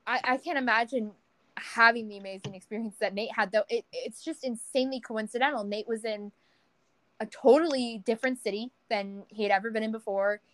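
A young woman with a fairly high voice chats casually on a podcast, recorded close and dry. She tells a story with animated delivery, leaping up in pitch whenever she acts out someone speaking. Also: brisk, dry recording, poor audio. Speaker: podcast co-host. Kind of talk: casual chat.

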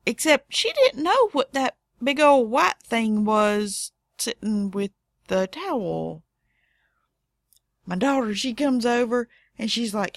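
A middle-aged woman telling a funny personal story in a casual way, with wry deadpan asides. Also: on the high side, takes it slowly, no echo, clean studio sound.

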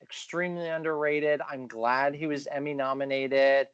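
A man's voice: fairly high pitch, fairly even intonation, moderate pace, smooth, dry recording, highs cut off. A man co-hosting a podcast, giving his opinions with enthusiasm in casual chat. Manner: enthusiastic, opinionated, drops into quoted voices. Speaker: podcast co-host.

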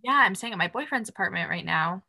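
A woman's voice: mid-range voice, fast, vocal fry. A young woman co-hosting a podcast, telling a story in a casual, rambling way with lots of "like" and fillers. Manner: animated, rambling with many fillers and "like". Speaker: podcast co-host.

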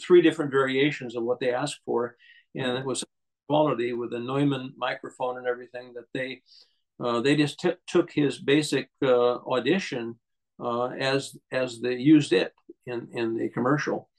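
Gravelly man telling rambling stories. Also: mid-range voice, steady tone, normal speed, rough recording. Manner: rambling anecdotes with many restarts and fillers. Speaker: guest. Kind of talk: casual storytelling interview.

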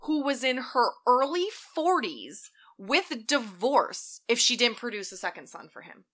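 A woman's voice: on the high side, very animated, unhurried, fairly bright tone. A woman hosting a podcast, telling a story in casual chat, blunt and sarcastic with plenty of swearing.

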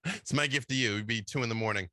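A man's voice: medium pitch, quick pace, bright, forceful tone, no room sound, studio quality. A tired man talking casually as an interview guest, rambling and filling his talk with "you know". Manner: tired after a long day. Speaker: guest game designer. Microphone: video call.

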